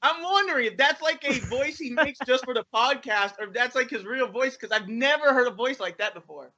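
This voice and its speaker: Man, high bright voice, rambling with fillers, lo-fi call audio. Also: brisk. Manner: rambling, hesitant, many fillers. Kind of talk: casual podcast chat.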